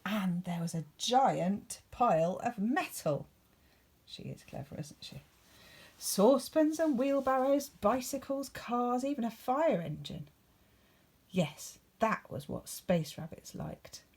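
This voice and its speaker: Teacher reading to young children: sing-song, playful, unhurried, slightly husky woman's voice. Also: on the high side. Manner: expressive, playful storytelling with whispered asides. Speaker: primary school teacher. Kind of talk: reading a picture book aloud to children.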